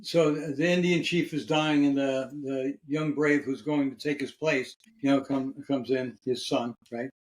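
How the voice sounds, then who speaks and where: A man's voice: medium pitch, steady tone, a little slow, few pauses. A man hosting a casual podcast chat, trading jokes in a laid-back way and wrapping up the show. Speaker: podcast host. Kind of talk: casual chat, joke-telling.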